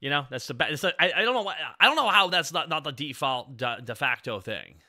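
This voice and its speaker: A man live-streaming as a VTuber in casual, goofy chat, jumping between loud bits and low mumbled asides. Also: expressive, fast.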